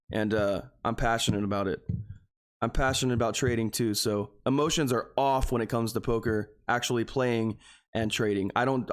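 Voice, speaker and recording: Rambling man chatting to his stream viewers. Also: medium pitch. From Texas. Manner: rambling, talks straight to his viewers, keeps saying "guys"; earnest and openly emotional. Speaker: stock trading livestreamer. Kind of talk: casual live stream chat.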